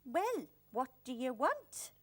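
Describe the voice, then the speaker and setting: Cheeky high puppet bird. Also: female voice, very animated, takes it slowly, dry recording, exaggerated voice. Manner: cheeky, coy and eager.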